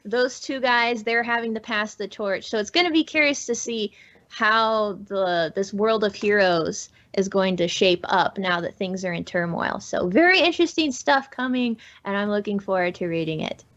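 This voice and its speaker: An enthusiastic woman talks as a guest in a casual podcast chat. Her pitch sits in the middle, and the audio sounds a little dull and muffled. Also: normal speed, fairly bright tone. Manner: enthusiastic, upbeat.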